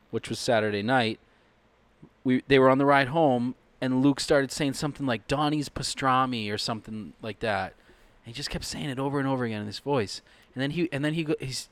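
A man's voice: mid-range voice, no echo. A man in a band, telling rambling jokey stories with plenty of swearing in casual banter. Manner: joking, swearing, rambling storyteller. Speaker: band member.

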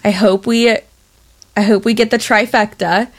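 A woman's voice: medium pitch, steady tone, measured pace. A young woman co-hosting a podcast, chatting casually and telling rambling, giggly stories full of fillers. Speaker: podcast co-host. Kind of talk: casual chat.

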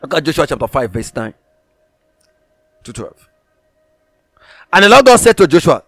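A man's voice: on the high side, big pitch swings, moderate pace, pauses often, fairly bright tone, dry recording, clean studio sound. A man preaching a sermon, emphatic, repeating phrases for stress and reading scripture aloud in old-fashioned wording.

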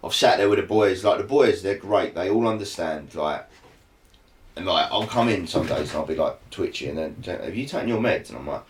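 A man's voice: low-pitched, fairly quick. A man speaking as a podcast guest, candid and laid-back in casual chat. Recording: echoey room, mic at a distance.

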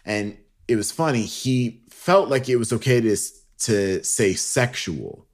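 A man's voice: mid-range voice, a little slow. A young man co-hosting a podcast, chatting in a laid-back, slangy, joking way. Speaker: podcast co-host. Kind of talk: casual chat.

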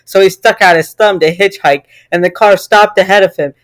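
A man's voice: high voice, fairly even intonation, brisk, a bit bright. A man co-hosting a podcast, chatting casually and reading silly stories aloud, often cracking up as he reads. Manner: breaks into laughter while reading. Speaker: podcast co-host.

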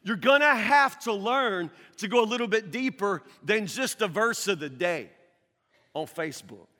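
A man preaching a sermon as pastor, earnest, with stammering restarts, swinging from loud to hushed. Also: high voice, expressive, moderate pace, in a large hall.

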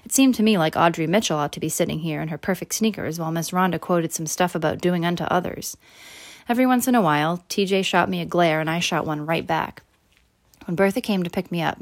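A woman with a lower, unhurried voice reads a first-person children's story aloud. She narrates steadily and lifts her voice brightly whenever a character speaks. Her storytelling is plain and clear. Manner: voices characters with raised pitch and louder quotes. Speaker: audiobook narrator.

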